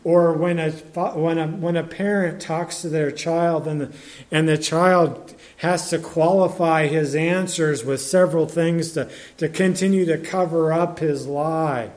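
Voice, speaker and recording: A man preaching a sermon in a conversational, halting way, with many restarts and fillers, and reading scripture aloud in older English. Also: fairly high pitch, steady tone, darkish tone.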